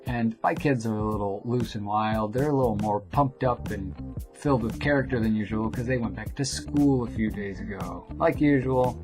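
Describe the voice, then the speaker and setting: Young guy vlogging, rambly and animated, voice jumps around, music going under him. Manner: quiet, low reading of the poem, dropping to a whisper at line ends. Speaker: vlogger and poet. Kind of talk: poem reading then casual storytelling vlog. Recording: music playing behind the voice.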